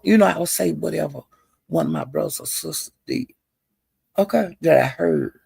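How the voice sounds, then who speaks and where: Chatty woman with a gravelly voice. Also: moderate pace, no echo. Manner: animated, jumps her pitch up high when quoting others; chatty, salty language, calls listeners honey and girl. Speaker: online commentator. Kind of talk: casual gossip storytelling.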